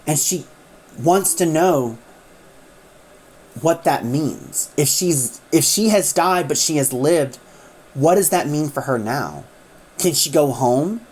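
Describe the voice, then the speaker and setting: A woman's voice: low voice, animated, takes it slowly, long pauses, a little mellow, breathy edge. A woman casually retelling a drama's plot, rambling with many fillers. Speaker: audio drama recapper.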